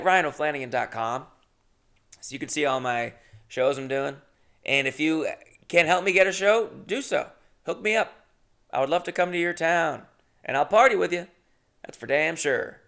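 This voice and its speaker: Comedian guy rambling on his solo podcast, gravelly voice, swears a lot, pokes fun at himself. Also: fairly high pitch, moderate pace, a bit bright. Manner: rambling, profane, self-deprecating.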